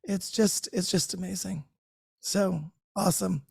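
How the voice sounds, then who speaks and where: A woman's voice: fairly low pitch, fairly even intonation, a little slow, gravelly, darkish tone, slightly rough. A woman hosting a live group call from her home, talking in an effusive, unscripted way, laughing often and restarting her words. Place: her own home, great room by a Christmas tree.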